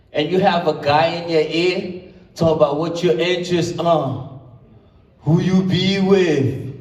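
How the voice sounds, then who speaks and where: A man from Brooklyn, doing laid-back stand-up comedy with drawn-out lines and playful asides, heard from far off in an echoey room. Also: a little high, darkish tone. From Brooklyn, New York.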